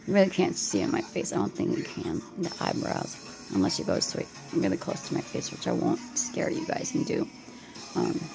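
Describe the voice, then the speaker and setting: A tired, anxious woman rambles to her camera at home in a late-night vlog, stopping and restarting her sentences. Her voice sits low, with a heavy gravelly fry, and it swings widely in pitch. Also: poor audio. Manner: halting, stammering, many fillers and restarts. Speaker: vlogger.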